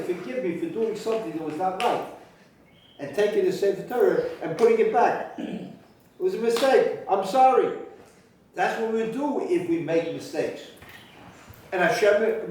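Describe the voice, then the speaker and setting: A man rabbi teaching a halacha class, talking with halting restarts and sudden emphatic rises in pitch. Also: a little mellow, a little hiss or hum. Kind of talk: spoken Torah lecture. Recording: very echoey room from far off.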